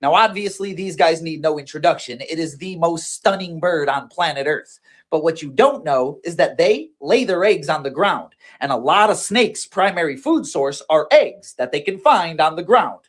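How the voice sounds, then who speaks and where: A woman's voice: sits low, lively intonation, moderate pace. A woman hosting and commenting playfully on clips, often laughing. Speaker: host reacting to clips.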